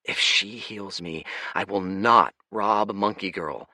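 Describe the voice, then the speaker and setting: A man's voice: on the low side, slow, pushed and bright, dry recording, full character voice. A male narrator voicing Dorian, a weary, sardonic rogue who speaks wryly, in an audiobook. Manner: wry, sardonic.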